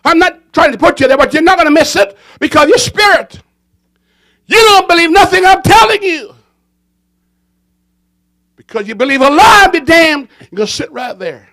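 A man preaching a fiery sermon, swinging between shouting and hushed tones and hammering home repeated phrases. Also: very high voice, lively intonation, normal speed, pauses often.

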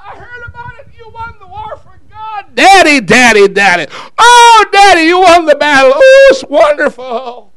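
A woman's voice: very high-pitched, big pitch swings, normal speed, hardly any pauses, a bit bright, dry recording, pitched above the performer's own voice, heavily acted. A man voicing a devoted young girl who greets her father with shrieks and sobs, then pleads with him. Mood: excited, tearful.

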